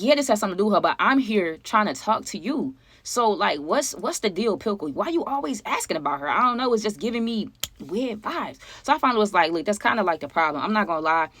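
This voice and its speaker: A woman chatting casually to her viewers as she tells a personal story, animated and conversational, often asking them for their opinions. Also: medium pitch, brisk, no room sound. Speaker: storytime vlogger.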